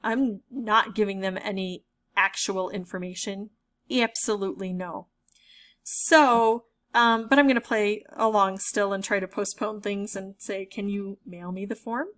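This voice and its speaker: A woman's voice: medium pitch, fairly even intonation, unhurried, a bit bright. A woman who makes gaming videos, giving playful, wry commentary with an amused, explanatory manner. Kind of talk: playful commentary reading chat messages aloud.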